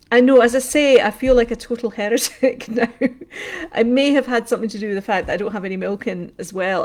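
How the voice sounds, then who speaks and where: A woman hosting a casual craft livestream from home, rambling from topic to topic, laughing often and greeting viewers by name. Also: a little high. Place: indoors at home.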